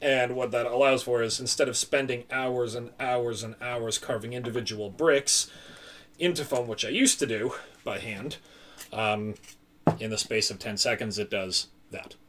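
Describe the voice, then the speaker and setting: A man's voice: mid-range voice, fairly even intonation, normal speed, a bit bright. A man casually explaining a crafting technique in a hesitant, step-by-step way. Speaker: co-host demonstrating crafts. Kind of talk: casual demonstration chat.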